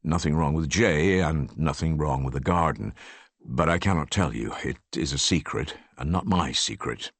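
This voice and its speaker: A man's voice: rumbling low, moderate pace, a bit bright, no room sound, heavily acted. A man voicing a loyal, anxious royal gardener in an audiobook, with an earnest, pleading manner. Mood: worried.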